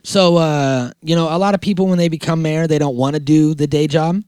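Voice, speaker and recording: A man hosting a casual comedic chat, talking in a rambling, deadpan, joking way with lots of fillers. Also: fairly high pitch, fairly quick, clear, resonant tone, no echo, studio quality. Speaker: podcast host.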